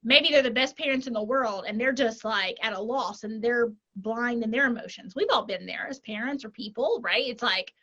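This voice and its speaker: A woman coach speaks in an interview with a bright, forceful tone and a voice pitched a touch high. She is animated, works through examples aloud and keeps checking in with her listener with little tag questions. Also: moderate pace, few pauses, lo-fi sound. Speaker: life coach and author, podcast guest. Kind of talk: conversational interview.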